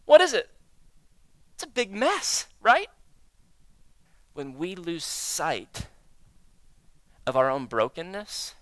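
Man, pastor, sermon, smooth clear voice, dry close sound, loud then hushed. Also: high voice, huge pitch swings, no room sound. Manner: acts out prayers and inner dialogue with God; swings between loud emphasis and hushed, slow delivery.

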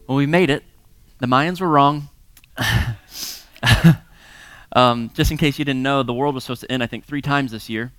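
Man, American, 30s or 40s, sermon-style storytelling, lively, chuckles, bright clear voice, dry recording. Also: medium pitch, measured pace, pauses often, dry recording. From United States. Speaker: pastor teaching a series. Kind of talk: sermon-style talk with personal stories.

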